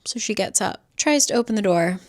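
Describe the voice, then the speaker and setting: A woman's voice: medium pitch, a little fast. Chatty young woman reading a thriller aloud. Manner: chatty, animated, swears casually, acts out quotes. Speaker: book vlogger. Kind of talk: casual book reading vlog.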